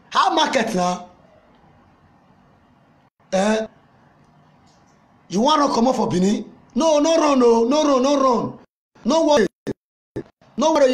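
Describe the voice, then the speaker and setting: A man with a Nigerian accent playing a loud, mocking older Nigerian mama in a comedy skit, scolding and teasing someone. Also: very high voice. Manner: taunting, scolding, laughing at the listener.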